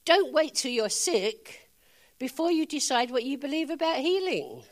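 A woman's voice: high voice, big pitch swings, normal speed. An older woman preaching a sermon, telling funny personal stories, laughing often and acting out conversations.

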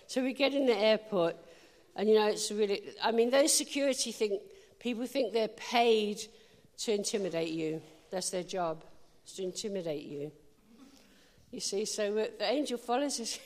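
A woman preacher telling a lively story in a sermon, laughing often and asking the crowd questions. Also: on the high side. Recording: long hall reverb.

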